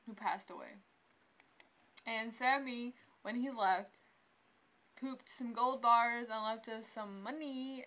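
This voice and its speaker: A woman's voice: a little high, sharp tone. A young woman giving casual let's-play commentary, chatty and exclaiming often at what happens in the game. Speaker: gameplay commentator.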